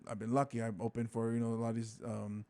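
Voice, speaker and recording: A man's voice: mid-range voice, quick pace. A man from Hawaii, a stand-up comic, telling stories in a casual interview and acting out quotes in voices. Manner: animated, acts out quotes in voices.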